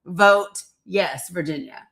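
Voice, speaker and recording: A middle-aged woman with a fairly low, slightly bright voice greets viewers at a slow pace on her live stream. She's blunt, sarcastic, and swears freely while doing casual political commentary.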